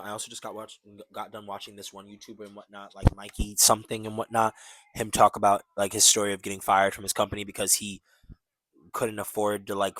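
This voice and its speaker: Rambling man, lowish voice, dry sound. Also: fairly bright tone, no room sound. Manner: rambling, peppers talk with "and whatnot". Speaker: vlogger. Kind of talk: casual monologue to camera.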